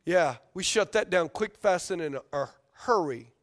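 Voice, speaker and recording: A man with a high voice preaches from a church stage into a microphone. He talks loosely, with slang, and keeps calling on the congregation to answer back. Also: a little slow. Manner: energetic, call-and-response with congregation, casual slang. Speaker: pastor. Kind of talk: sermon. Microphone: handheld or stage microphone.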